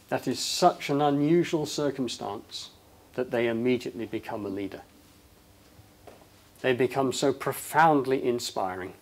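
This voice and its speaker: A man giving an impassioned, emphatic inspirational talk to an audience, swinging between loud passages and hushed ones. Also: medium pitch. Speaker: public speaker.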